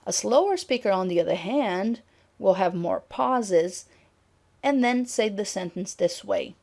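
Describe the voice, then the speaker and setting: A middle-aged woman gives a lecture on intonation, speaking clearly at a measured pitch and acting out example sentences. Her delivery is animated, with a darkish tone.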